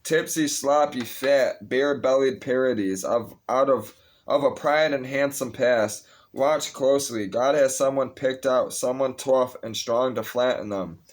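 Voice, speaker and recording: A man with a medium-pitched voice reads scripture aloud casually at a measured pace. He's restless, breaking off with blunt, profane asides, interrupting himself and restarting phrases.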